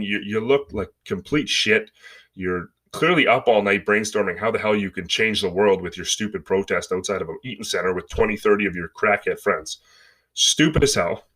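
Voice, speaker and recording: A man's voice: on the low side, brisk, sharp tone, husky. A man in his twenties hosting a solo podcast, ranting with sarcasm and mockery in casual talk. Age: 20s. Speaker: podcast host.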